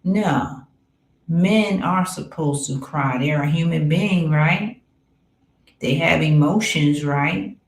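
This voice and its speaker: A woman giving a slow, affirming spiritual talk, with soft murmured asides. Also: low-pitched, echoey room, rough recording. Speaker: spiritual coach.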